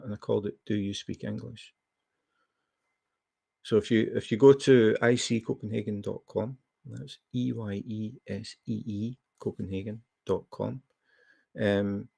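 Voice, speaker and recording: A man's voice: on the low side, creaky, darkish tone, breathy edge, dry recording. A man with a Scottish accent hosting a live chat, telling a rambling anecdote with plenty of fillers. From Scotland. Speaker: livestream host. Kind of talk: casual storytelling chat.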